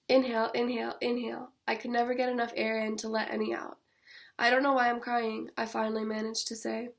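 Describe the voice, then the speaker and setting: A young woman, an author, reading her own fiction aloud in a measured, steady first-person voice. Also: fairly high pitch, vocal fry.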